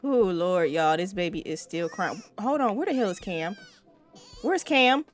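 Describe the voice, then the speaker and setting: A woman's voice: on the low side, animated, normal speed, a little mellow, soft background music. A woman giving casual, chatty gameplay commentary, swearing freely and talking straight to her viewers. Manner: chatty, profane, addresses viewers. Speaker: let's play host.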